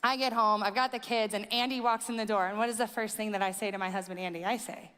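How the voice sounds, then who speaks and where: A young woman pastor preaching a conversational sermon, telling animated stories with casual fillers. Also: mid-range voice, fast talker, clear, resonant tone. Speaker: student ministry and teaching pastor. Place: church auditorium. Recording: church hall with long reverb.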